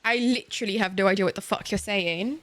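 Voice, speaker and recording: A woman's voice: medium pitch, fast talker. A young woman from Egypt streaming a game and chatting casually with viewers, playful and giggly, swearing freely and using slang.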